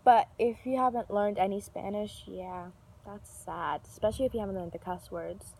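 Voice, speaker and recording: A woman's voice: mid-range voice, a little fast. A young woman telling a casual storytime vlog, rambling with fillers and restarts, swearing freely. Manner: animated, yells when reenacting an argument.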